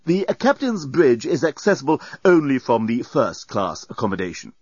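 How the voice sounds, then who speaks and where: A man's voice: medium pitch, very animated, normal speed, breathy edge, no echo, voice pushed up. A man voicing a prim, snooty male doorbot robot in an audiobook, coldly polite and sniffy like a butler, on a dry, slightly dull recording. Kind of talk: audiobook character voice.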